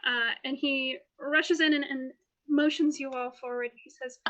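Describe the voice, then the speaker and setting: A woman narrating a tabletop game as game master, in animated, quick description sprinkled with fillers. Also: high-pitched, lo-fi sound.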